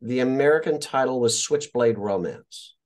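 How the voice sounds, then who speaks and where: A man's voice: mid-range voice, normal speed, a little mellow. A man from Indiana, an actor and guest, telling stories casually in an interview, swearing freely and acting out the voices of people he quotes.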